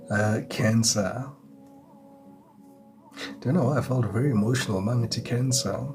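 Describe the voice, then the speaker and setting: A man's voice: medium pitch, normal speed, a little mellow. A man giving a chatty live tarot reading, greeting viewers and chuckling often. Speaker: tarot reader. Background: music.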